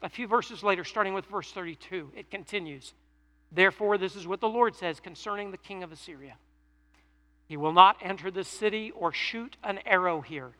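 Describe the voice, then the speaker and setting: A man delivers a sermon with a high, bright voice that carries a long reverberant tail from the hall. He reads scripture aloud, then paraphrases it in an easy, conversational way. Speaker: pastor.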